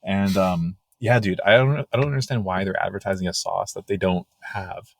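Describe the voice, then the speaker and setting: Laid-back, low-voiced young man riffing. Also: no echo, studio quality. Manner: laid-back, teasing, drawn-out riffs with fillers. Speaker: podcast co-host. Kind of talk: casual comedic chat.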